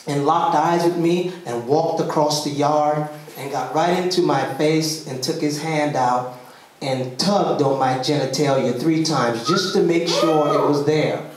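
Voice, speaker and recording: A man's voice: fairly high pitch, measured pace, slight background noise. Man performing slam poetry in an echoing club. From rural US South. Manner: storytelling with comic timing. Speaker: spoken word poet. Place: club venue, indoors. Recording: roomy live venue heard from a distance.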